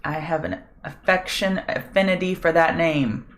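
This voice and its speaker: A woman's voice: on the low side, steady tone, normal speed. A middle-aged woman hosting a live market prep show, chatting with viewers and thinking aloud over charts, her voice a bit scratchy. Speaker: trading show host.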